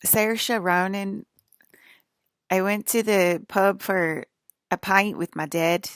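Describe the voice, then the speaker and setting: A woman trying out an imitated Irish accent, speaking loudly and cheerfully with drawn-out words. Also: mid-range voice, fairly even intonation, smooth, no room sound, studio quality, lightly acted. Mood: chirpy. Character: put-on Irish woman, chirpy pub chatter.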